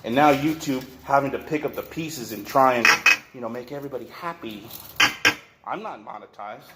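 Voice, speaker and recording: A man in a workshop rants straight to camera in a voice of ordinary middle pitch. He rambles, stumbles over restarts and swears freely. Steady clinks and clatter of metal and dishes run clearly behind him. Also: moderate pace, echoey room, heavy background noise. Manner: rambling, profane, repeats and restarts. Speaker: vlogger. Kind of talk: rant to camera.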